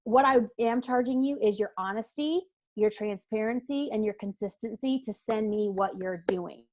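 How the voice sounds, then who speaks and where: Woman coach talking earnestly in an interview, lots of "like" and restarts, medium pitch. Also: normal speed, a little mellow. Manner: earnest and emphatic, with many fillers and restarts. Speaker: weight-loss coach, interview guest. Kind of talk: casual interview answer.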